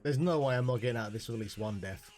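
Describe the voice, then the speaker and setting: A young man cracks jokes while streaming his own gameplay, swearing casually. His voice sits in a middle pitch. Game music plays faintly underneath. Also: racing, a little mellow. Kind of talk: casual live-stream commentary.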